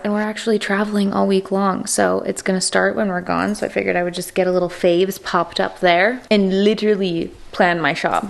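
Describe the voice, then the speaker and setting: A woman's voice: mid-range voice, vocal fry. A woman in her thirties talking casually to camera in a vlog, chatty and full of fillers, often poking fun at herself. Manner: chatty, filler-heavy, self-deprecating. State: out of breath on the stairs. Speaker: lifestyle vlogger.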